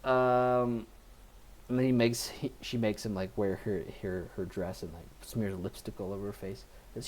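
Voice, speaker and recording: In a laid-back movie review chat, a podcast co-host retells a film's story in a rambling way full of fillers. His voice is lowish and a little mellow, with fairly even intonation and a moderate pace, and there is slight background noise.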